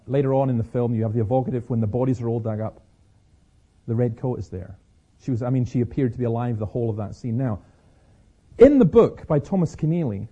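Dark husky-voiced man telling stories. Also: medium pitch, highs cut off. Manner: storytelling, frequent restarts and repeated words. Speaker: Christian speaker. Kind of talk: public talk with personal stories.

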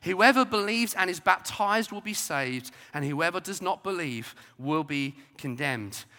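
Man, preacher, sermon, bright forceful tone, slightly high voice, emphatic swings from loud to soft. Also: animated, unhurried. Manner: emphatic, rising to loud declarations and dropping to soft asides. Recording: long hall reverb.

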